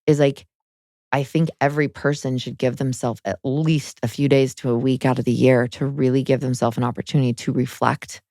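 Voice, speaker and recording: A woman in her thirties speaks as an interview guest, frank and emotional, with lots of "like" fillers. Her voice has a gravelly, fry-laden edge. The sound is dry and close, with no room around it. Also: extremely low pitch, darkish tone, dry recording. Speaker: guest, spiritual guide. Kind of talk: candid personal interview.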